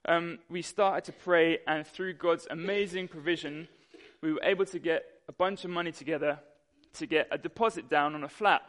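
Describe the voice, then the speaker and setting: Animated man preaching a sermon. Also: a little high, normal speed. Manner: animated storytelling, acts out voices. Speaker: pastor.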